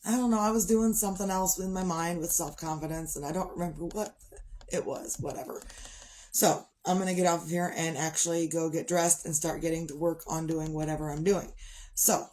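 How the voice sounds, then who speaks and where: Tired middle-aged woman, low-pitched, rambling livestream chat with sighs. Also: darkish tone. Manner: rambling, chatty, yawning and sighing. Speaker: livestream host. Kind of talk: casual chat.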